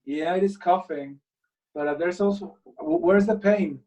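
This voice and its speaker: Male English teacher, casual and encouraging, slightly high voice, distant mic. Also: moderate pace, darkish tone, highs cut off. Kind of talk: live online class.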